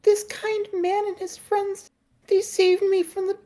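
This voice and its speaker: A woman voicing a weak, frightened young woman who pleads in a faint, breathy, high voice. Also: flat delivery, measured pace, dark tone. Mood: pleading weakly. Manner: trembling, pleading.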